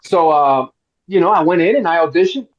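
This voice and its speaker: A middle-aged man from Miami, fairly high-pitched, spins a long story at a roundtable and slips into the voices of the people in it. The sound is a little dull and lo-fi. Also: brisk. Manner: animated storyteller, acts out quotes. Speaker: actor guest.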